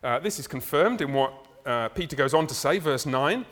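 A man preaches in a church, his fairly high voice swinging up and down with lively energy. He keeps it conversational, tossing in asides and light laughs. The sound carries a long reverb from the hall. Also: normal speed, hardly any pauses. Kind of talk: sermon.

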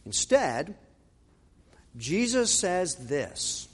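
Male preacher, high voice, dramatic delivery, slow measured pace. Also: very animated, husky, big-room sound. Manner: dramatic, acts out quotes with pauses and repetition. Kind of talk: sermon.

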